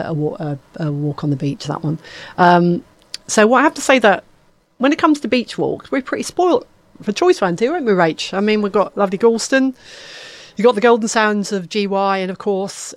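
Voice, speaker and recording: A woman hosting a local radio show in casual chat, rambling with fillers and quick self-corrections. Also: fairly low pitch. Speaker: radio presenter. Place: radio studio.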